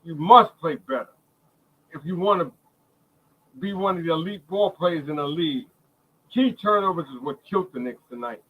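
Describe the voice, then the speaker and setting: A man's voice: a little high, normal speed, long pauses, slightly rough, phone-quality sound. A middle-aged man from Brooklyn gives emotional, heated live fan commentary on a basketball game, repeating himself and talking straight to his viewers. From Brooklyn, New York City. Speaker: fan watch-along host.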